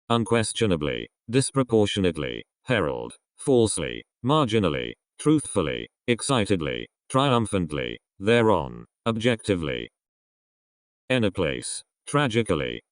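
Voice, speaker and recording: Deep-voiced man reading a word list. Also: no echo, studio quality. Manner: reads isolated words one by one in a falling list cadence. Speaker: vocabulary word reader.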